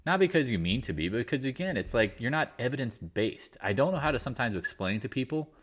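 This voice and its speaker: A man's voice: medium pitch, sing-song, quick pace. A man hosting a casual live market chat, talking in a blunt, rambling and exasperated way. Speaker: market commentary host.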